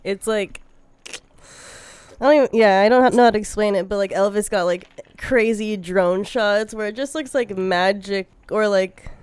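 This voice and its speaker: Smooth-voiced young woman chatting. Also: mid-range voice, normal speed, darkish tone, no echo. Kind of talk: casual chat.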